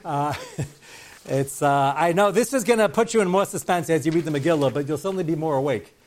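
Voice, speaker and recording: A fairly high-voiced man teaches a Torah class. He rambles off into jokes and side stories, and he drops Hebrew and Yiddish terms into plain talk. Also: brisk, darkish tone. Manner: digressive, joking, sprinkles in Hebrew and Yiddish terms.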